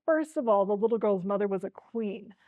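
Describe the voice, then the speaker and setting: A woman's voice: mid-range voice, expressive, a little fast, no room sound, phone-quality sound. A woman presenting a book talk, reading a storybook aloud with expression and speaking directly to her listeners. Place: library talk.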